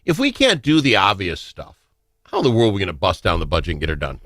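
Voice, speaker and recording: A man's voice: sits low, huge pitch swings, quick pace, a bit bright, no room sound, clean studio sound. A man hosting a radio talk show in a teasing, opinionated, casual way.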